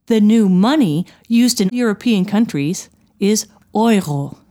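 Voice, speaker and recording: A woman narrating a scripted language lesson, explaining sounds clearly and deliberately. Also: medium pitch, mellow. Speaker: language teacher.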